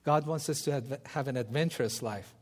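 A man preaching a sermon, telling stories and acting out the voices of the people in them, with some halting restarts. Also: mid-range voice. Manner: animated, acts out quoted voices. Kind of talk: sermon with storytelling.

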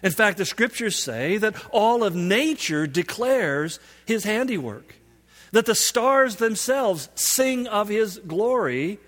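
A man's voice: high voice, lively intonation, slow pace, a bit bright. A man giving a sermon as a pastor, telling stories in a conversational way and building up to emphatic peaks. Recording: long hall reverb.

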